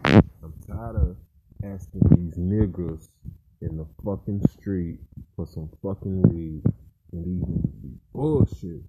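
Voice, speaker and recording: A man with a very low voice rants at a slow, heavy pace, angry and swearing as he vents. He rambles through rhetorical questions about what is wrong with the world. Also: very noisy. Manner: angry, profane, venting. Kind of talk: frustrated personal rant.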